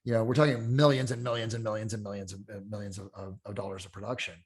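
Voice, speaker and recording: Energetic middle-aged man coaching. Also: lowish voice, fast, breathy edge. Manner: energetic storyteller, swearing, acts out quotes. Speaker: real estate coach. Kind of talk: casual podcast chat.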